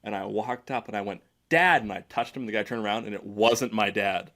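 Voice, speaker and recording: A man's voice: on the low side, fairly even intonation, quick pace. A man co-hosting a casual podcast, telling rambling stories. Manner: rambling storyteller, acts out voices loudly. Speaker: podcast co-host. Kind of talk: casual chat.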